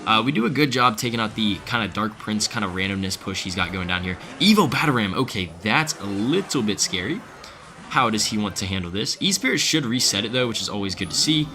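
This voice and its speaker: A young man giving casual, excitable live commentary on his gameplay while chatting with viewers. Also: lowish voice, fairly quick, a little hiss or hum. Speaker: streamer. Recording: faint music behind.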